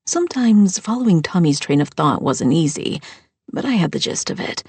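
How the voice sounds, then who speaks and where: A woman with a husky, gravelly voice narrating a first-person audiobook in a measured way. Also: fairly low pitch, big pitch swings, a little mellow, no echo.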